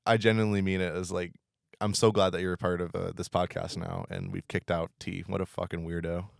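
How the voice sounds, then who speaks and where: A man's voice: sits low, level tone, fairly quick, gravelly, dry recording, studio quality. A young man co-hosting a casual college podcast, chatty and rambling, with lots of fillers and laughter. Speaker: podcast co-host; campus equity and inclusion worker. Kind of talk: casual chat.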